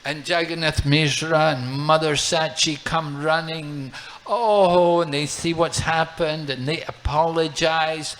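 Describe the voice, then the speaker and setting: Slow, deliberate male monk storyteller. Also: on the high side, steady tone, fairly bright tone, rough recording. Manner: unhurried, repeats phrases while narrating. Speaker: monk and lecturer. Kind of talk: devotional storytelling sermon.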